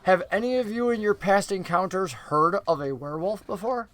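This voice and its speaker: A man narrating a tabletop game as game master, relaxed and descriptive. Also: high-pitched, moderate pace. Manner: relaxed, descriptive, with frequent ums and laughs.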